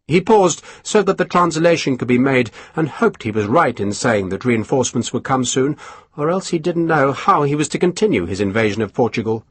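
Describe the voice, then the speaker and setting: A man reading an audiobook aloud with expressive storytelling. His voice is husky, ranges lively in pitch and sounds close and dry. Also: brisk, no echo. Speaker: audiobook narrator. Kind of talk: scripted narration.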